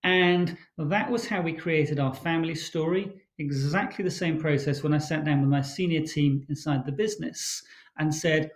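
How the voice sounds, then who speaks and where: A man speaking as a guest author in a livestream interview, telling his stories in a brisk, animated way. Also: fairly high pitch, low-quality recording.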